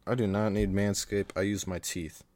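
A man's voice: lowish voice, little pitch movement, normal speed, a little mellow. A young man hosting a casual chat, crude and joking, often laughing. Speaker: podcast host.

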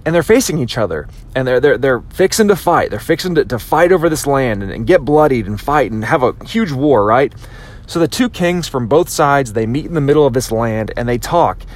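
A man hosting a podcast, giving a motivational talk with frequent restarts and acted-out quotes. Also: medium pitch. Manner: animated, repetitive restarts, acts out quotes. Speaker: podcast host.

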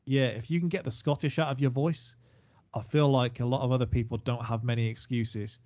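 A man's voice: medium pitch, fairly even intonation, fairly quick, a little mellow, dry recording, dull audio. A man co-hosting a casual film chat, chatty and digressive, given to self-deprecating asides. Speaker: podcast co-host.

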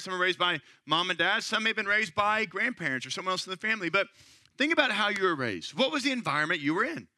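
Thirties male pastor, chatty sermon delivery, high bright voice, dry close recording. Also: no room sound. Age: 30s. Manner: conversational storytelling, frequent "right?" asides.

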